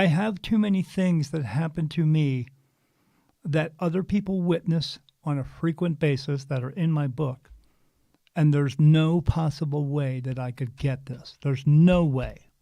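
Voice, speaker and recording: Earnest gravelly man telling a story. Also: on the high side, no room sound. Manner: earnest, animated storyteller with frequent restarts. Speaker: spiritual medium guest. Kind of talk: casual storytelling interview.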